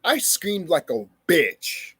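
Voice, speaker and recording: A man's voice: on the high side, wildly swooping pitch, slow, sharp tone, breathy edge, dry recording. A young man vlogging a heated personal story, swearing often and repeating himself for emphasis. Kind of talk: emotional personal storytelling to camera.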